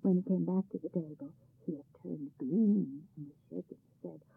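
A woman reads a folk tale aloud with lively expression. Her voice is husky and gravelly, and the recording is dry and tinny, like a phone line. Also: on the low side, normal speed. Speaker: storyteller. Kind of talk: scripted narration of a folk tale. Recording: tinny phone-like band-limited sound.

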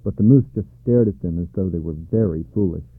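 A man calmly reading a children's storybook aloud, in a measured way, on a dry, tinny recording. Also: sits low, breathy edge, dry recording. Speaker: narrator. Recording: dry tinny narrow-band sound.

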